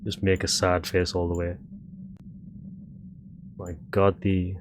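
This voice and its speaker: A man's voice: low voice, completely flat delivery, takes it slowly, a little hiss or hum. Man mumbling through a game. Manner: casual, mutters instructions to himself. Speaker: streamer. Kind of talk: game playthrough commentary.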